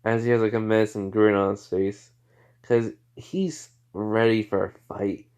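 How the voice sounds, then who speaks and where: A man's voice: on the low side, flat delivery, unhurried, a little mellow, smooth. A man narrating a homemade fan story off the cuff. He rambles, restarts and fills gaps with "you know" and "like.". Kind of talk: improvised spoken fan fiction.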